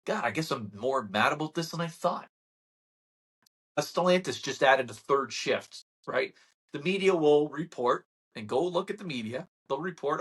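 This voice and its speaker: Husky-voiced man ranting to camera. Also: a little high, normal speed. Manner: animated ranting, sarcastic mock quotes. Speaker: real estate channel host. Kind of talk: casual market-update talk to camera.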